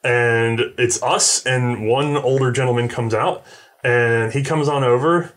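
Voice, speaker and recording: Man, show host, casual chat, animated storytelling, acts out voices. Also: medium pitch, a little slow. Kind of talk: casual chat about firearms history.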